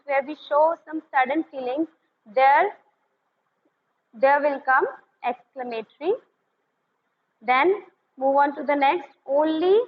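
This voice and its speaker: A woman teaching a grammar class, explaining slowly with many fillers and switching into Hindi to clarify. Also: high-pitched. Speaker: school English teacher. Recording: muffled lo-fi recording with faint noise.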